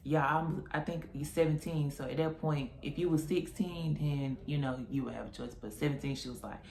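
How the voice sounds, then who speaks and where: A woman's voice: low voice, normal speed. Young woman telling a story in a roomy echo. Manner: animated retelling with quoted voices. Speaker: vlogger. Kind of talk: casual storytime.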